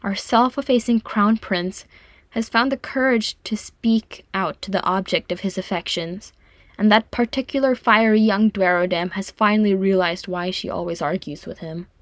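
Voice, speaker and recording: A woman reading a fond, teasing older female dwarf, with a gentle, amused manner. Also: mid-range voice, moderate pace, dry recording, lightly acted. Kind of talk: audiobook fan fiction reading.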